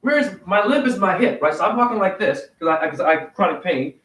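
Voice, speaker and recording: A man giving a rambling, confrontational livestream monologue. He fires off rhetorical questions, and his pitch swings widely. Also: expressive, fairly quick, a bit bright, reverberant. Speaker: spiritual vlogger and store cashier.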